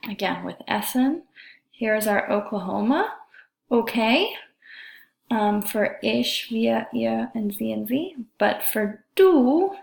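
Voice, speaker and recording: A woman's voice: mid-range voice, gravelly, darkish tone. A woman teaching a German grammar lesson, carefully drawing out each example word. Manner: slow, careful, drawn-out pronunciation of examples. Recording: echoey room.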